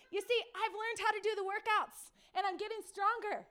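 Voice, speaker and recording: A woman pastor preaching a sermon, telling stories in a lively way, acting out the people in them and putting questions to her listeners. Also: extremely high pitch, brisk. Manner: lively storytelling, acts out quoted people; speaks to the audience directly with questions.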